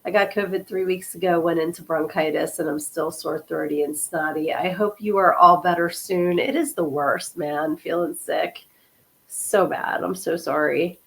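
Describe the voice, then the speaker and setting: A woman in her fifties, hoarse from a cold, hosting a casual livestream podcast and chatting with her viewers in an apologetic, friendly way. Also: lowish voice, normal speed. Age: 50s. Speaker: podcast host and author.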